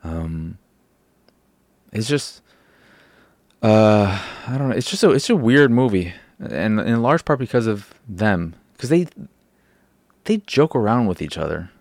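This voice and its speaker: A man's voice: lowish voice, sing-song, a little slow, pauses often, darkish tone, no echo. A man hosting a casual solo podcast who rambles with frequent restarts and casual swearing. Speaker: podcast host.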